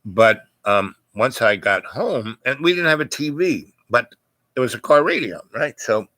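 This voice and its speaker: A man's voice: medium pitch, animated, measured pace, sharp tone, no room sound. An older man telling a long personal story in a loose, rambling way, full of fillers and asides. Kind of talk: casual spoken storytelling.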